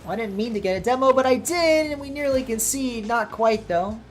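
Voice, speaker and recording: A woman's voice: fairly high pitch, fairly quick, faint music behind. An American woman streamer chatting casually with viewers while playing and reacting to the match. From United States. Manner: chatty, reacting to gameplay and chat. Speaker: streamer and caster.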